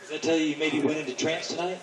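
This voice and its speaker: A man as a stage hypnotist giving suggestions and counts, teasing volunteers playfully and slowing into a soothing induction. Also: on the high side, steady tone. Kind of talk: hypnosis show patter. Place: outdoors in a yard at night. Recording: distant camera, echoey, noisy crowd.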